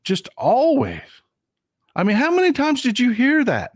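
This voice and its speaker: This livestream features a Texas man getting over a cold as he delivers political commentary in an unhurried but indignant, animated manner. His pitch moves a lot and he repeats phrases to drive points home, picked up by a computer desk mic with a dry, close sound and no echo.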